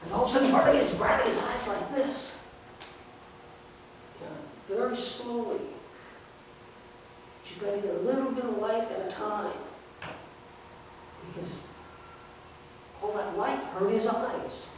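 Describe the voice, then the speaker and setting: A man's voice: sits high, a little slow, long pauses, slight background noise. A male pastor playing a scornful roadside merchant, telling the story in the first person in a sarcastic, dismissive way. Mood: reflective. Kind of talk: first-person dramatic sermon monologue. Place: church sanctuary. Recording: echoey church from a distant mic.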